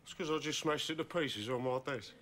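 A man's voice: mid-range voice, brisk, heavy background noise, natural voice. An actor playing a volatile male advertising client in a sitcom who rants indignantly and makes threats. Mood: menacing. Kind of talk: sitcom acting.

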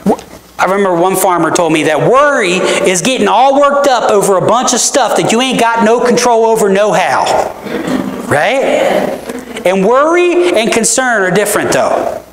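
Lively, echoey preacher in a church. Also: medium pitch, normal speed, a little hiss or hum. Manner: conversational preaching, asks the audience "right?" often; emphatic, with rhetorical questions. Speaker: pastor. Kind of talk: sermon. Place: church sanctuary. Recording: roomy church echo.

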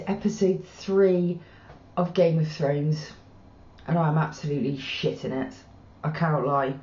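A woman hosting a reaction video, giving live commentary full of swearing and emotion, moving from hushed murmurs to excited shrieks. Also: low voice. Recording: dull, roomy home recording.

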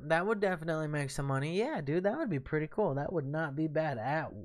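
A man streaming a game live, tipsy and swearing loudly at the boss as he comments on his play. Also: medium pitch, a little fast, few pauses. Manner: profane, yelling and cursing at the game. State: tipsy from drinks and smoking.

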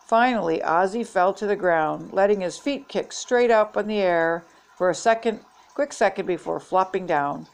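An older woman with a gravelly, mid-pitched voice reading a children's book aloud. Her delivery is steady and gentle, the pace of a grandmother reading to a child. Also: moderate pace, rough recording. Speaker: storybook reader.

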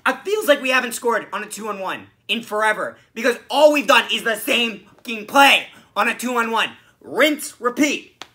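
A man hosting a solo hockey podcast, ranting about a loss with sarcasm and swearing, a bit hoarse from screaming. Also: very high voice, normal speed. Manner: animated, swearing, frustrated, sarcastic. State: losing his voice from screaming. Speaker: podcast host. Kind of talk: solo sports reaction rant.

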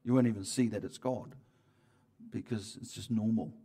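A man's voice: on the low side, steady tone, normal speed, mellow. Conversational man preaching a church sermon. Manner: conversational preaching with restarts, rising and falling emphasis. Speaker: pastor.

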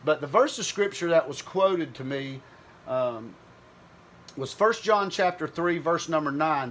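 A man's voice: a little high, animated, a little slow, fairly bright tone, slight background noise. A man giving an informal Bible teaching, thinking aloud in a conversational, searching way with frequent restarts.

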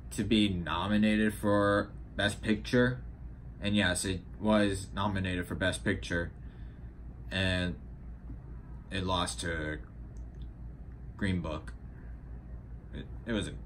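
A man's voice: on the low side, fairly bright tone, a little hiss or hum. A teenage boy vlogging casually about upcoming films, rambling with frequent restarts. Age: teens. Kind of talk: casual vlog commentary.

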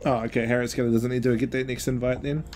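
A man chatting with friends while playing an online shooter. He shouts and swears when things go wrong. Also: mid-range voice, fast talker, slight background noise. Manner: excitable, swears loudly, shouts when killed. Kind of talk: casual gaming chat.

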